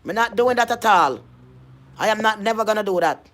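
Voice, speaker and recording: A woman's voice: medium pitch, a little fast, a bit bright. Emphatic woman. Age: adult. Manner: emphatic, repetitive, confrontational. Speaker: vlogger. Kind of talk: ranting vlog monologue.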